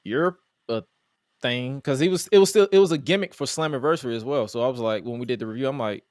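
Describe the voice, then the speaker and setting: A man's voice: medium pitch, quick pace, darkish tone, dry recording, clean studio sound. A man hosting a casual wrestling review podcast, talking animatedly and acting out exasperated quotes. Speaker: podcast host.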